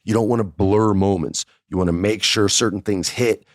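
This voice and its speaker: A man's voice: on the low side, fairly even intonation, normal speed, no echo, studio quality. A man hosting a podcast, telling a casual first-person story in a chatty way and acting out the dialogue. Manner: chatty, acts out quoted dialogue. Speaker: podcast host.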